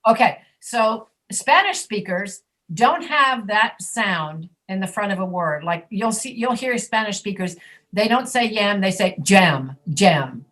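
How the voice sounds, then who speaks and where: A woman teaching an online English pronunciation class, patiently demonstrating sounds slowly and repeating them. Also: mid-range voice, animated, fairly bright tone. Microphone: video call.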